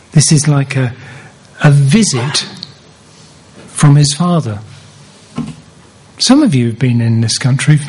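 A male preacher delivers his sermon at an unhurried, measured pace, lingering on words and stacking phrases for weight. His voice sits a little high for a man and carries a husky, breathy grain. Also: darkish tone, poor audio. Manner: deliberate, repeats key phrases for emphasis.

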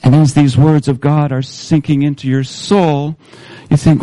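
A man's voice: on the high side, little pitch movement, measured pace, mellow, no echo, rough recording. A man, a pastor, preaching a sermon in a church service, leading listeners through a story in the second person, earnest and repeating words as he restarts.

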